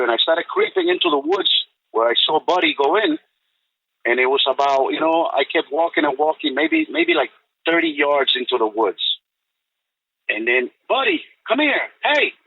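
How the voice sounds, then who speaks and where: An older man recounts his experience over a tinny, dry phone line. His voice swings widely in pitch and sounds husky. He rambles, filling the gaps with "you know" and restarting his sentences. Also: dry recording. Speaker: guest recounting an encounter. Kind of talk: storytelling on a call-in podcast. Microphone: telephone.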